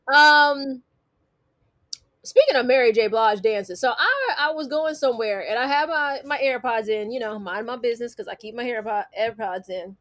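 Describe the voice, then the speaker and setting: A woman's voice: on the high side, a bit bright. A woman co-hosting a casual chat, teasing and playful as she tells stories. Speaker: podcast co-host.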